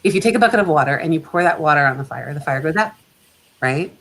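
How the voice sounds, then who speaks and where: A woman's voice: deep voice, expressive, quick pace, fairly bright tone, rough recording. Chatty middle-aged woman, laughs often. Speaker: guest photographer. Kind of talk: casual chat.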